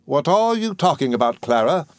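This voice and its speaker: A man's voice: medium pitch, big pitch swings, darkish tone, no room sound, clean studio sound, voice pushed up. Miss Murdstone, a harsh spinster voiced by a man. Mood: scornful. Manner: scolding, clipped, drawn-out words. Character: harsh stern spinster woman, cold and sharp.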